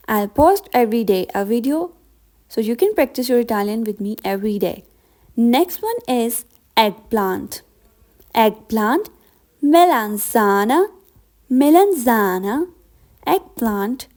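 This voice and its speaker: Young woman, language teacher, very slow drilling delivery, higher-pitched voice. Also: darkish tone. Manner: repeats each word slowly and deliberately. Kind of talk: slow vocabulary lesson.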